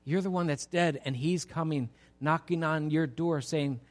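A man preaching a sermon as pastor, swinging from loud exhortation to soft pleading, speaking to a church congregation. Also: fairly high pitch, moderate pace. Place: church sanctuary.

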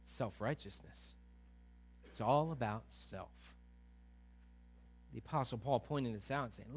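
A man preaching a sermon as a pastor, animated, acting out quoted voices, swinging from quiet to loud. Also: mid-range voice, a little slow, pauses often.

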